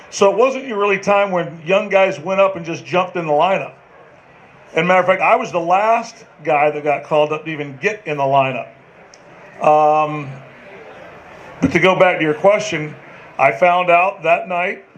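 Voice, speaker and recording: A man's voice: high-pitched, a bit bright, low-quality recording. A man in his sixties, a former ballplayer, telling folksy detailed anecdotes on a panel and turning to others by name. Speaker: former player and manager, panel guest. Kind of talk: storytelling at a live panel.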